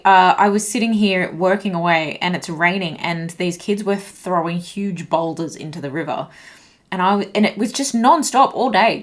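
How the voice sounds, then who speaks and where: In a lowish voice, a woman reads tarot intuitively, slightly out of breath and shaky. She gropes for words and muses while flipping the cards.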